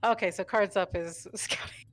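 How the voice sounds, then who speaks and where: A woman's voice: mid-range voice, fairly even intonation, normal speed. A woman playing in an online roleplay, chatting eagerly and teasing the others. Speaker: roleplay player. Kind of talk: casual roleplay chat. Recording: noisy mic.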